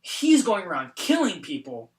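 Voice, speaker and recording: A young man with a high voice chats casually as a podcast host, retelling scenes animatedly and stacking up fillers. The room around him rings with echo. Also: huge pitch swings, normal speed. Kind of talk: casual chat. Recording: roomy echo.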